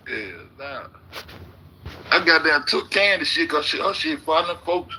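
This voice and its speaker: A man's voice: fairly high pitch, bright, forceful tone, a little hiss or hum, low-quality recording. A middle-aged man giving rambling, joking, heavily profane reaction commentary on videos. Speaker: YouTube commentator.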